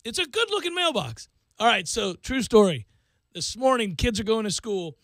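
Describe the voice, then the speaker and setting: High, bright-voiced man telling a story. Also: moderate pace, no room sound. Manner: animated, self-mocking storyteller. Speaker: radio show host. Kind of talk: talk radio storytelling. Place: radio studio.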